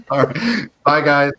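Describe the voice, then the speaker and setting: A man hosting a talk show, speaking in a halting, easygoing way with many fillers. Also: on the high side, poor audio. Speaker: host. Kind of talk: casual chat.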